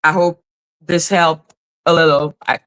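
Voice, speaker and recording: A woman's voice: deep voice, level tone, measured pace, a bit bright. A woman hosting a casual livestream, talking to her chat in an emotional, openly apologetic way and swearing freely. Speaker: livestream host reading chat.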